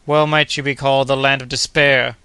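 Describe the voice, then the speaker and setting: A man reading aloud gives a thirst-maddened Scottish hunter, hoarse and frantic, raised in pitch above plain narration. The voice comes across crisp and bright in a dry, close recording. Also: level tone, brisk, no echo. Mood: despairing.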